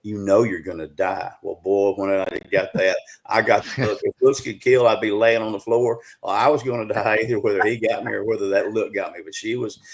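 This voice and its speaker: A fairly low-voiced, middle-aged man from the southern US, invited onto a live show as a Bigfoot researcher, spins out a long, leisurely tale. His casual, folksy delivery is full of fillers and restarts.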